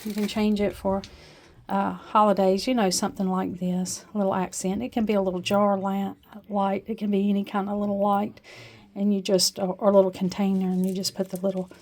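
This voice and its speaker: A woman's voice: medium pitch, flat delivery, fairly quick, a little mellow. Chatty woman showing off home decor. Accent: Appalachian. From Appalachia. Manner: homey, chatty, with frequent uh fillers. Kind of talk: casual show-and-tell vlog. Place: at home, kitchen.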